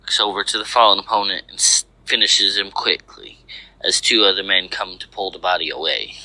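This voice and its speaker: A man narrating a fanfiction story aloud in a steady, measured way. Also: sits low, no echo, poor audio.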